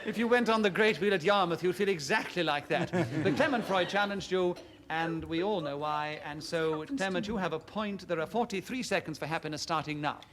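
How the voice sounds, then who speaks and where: Brisk, high-voiced panel game host. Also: male voice, a bit bright. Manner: brisk, genial, often laughing while speaking. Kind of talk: radio panel game chairing. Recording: hissy old radio recording.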